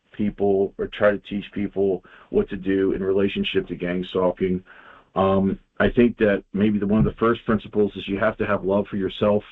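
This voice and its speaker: A man talking casually as an interview guest, rambling with many restarts and fillers. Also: fairly low pitch. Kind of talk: casual phone-in interview talk. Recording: tinny phone line.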